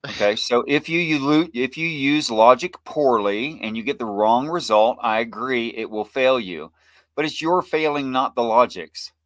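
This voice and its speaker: A man's voice: mid-range voice, moderate pace, a bit bright, no room sound. A man on a livestream panel who argues insistently, point by point. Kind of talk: casual debate on a livestream.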